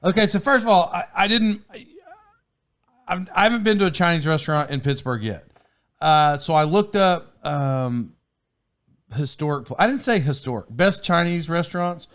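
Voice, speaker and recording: A man's voice: on the high side, animated, normal speed, a bit bright. Rambling, laughing podcast host man. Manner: rambling storyteller, sidetracks and laughs a lot. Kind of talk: casual chat.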